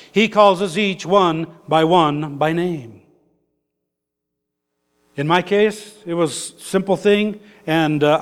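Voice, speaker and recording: A man preaching a sermon in an easygoing, conversational way, with folksy turns of phrase. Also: on the high side. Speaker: pastor. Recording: long hall reverb.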